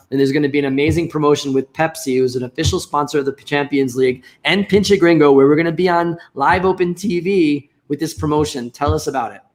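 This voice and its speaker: A playful American man hosts a loose, jokey talk show, chatting and teasing himself. His voice sits a little higher than most men's. He keeps things light and banters easily. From United States. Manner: playful, self-mocking, chatty. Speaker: talk show host and barbecue restaurant owner.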